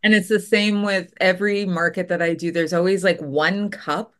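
A woman's voice: lowish voice, normal speed. A woman from Canada, a potter, telling stories in a casual interview and acting out the voices of people she quotes. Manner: animated storyteller, acts out quoted voices.

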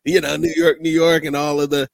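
A man hosting a casual podcast, who tells rambling, animated stories and steers the conversation. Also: a little high, fairly quick, vocal fry, no room sound. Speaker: podcast host.

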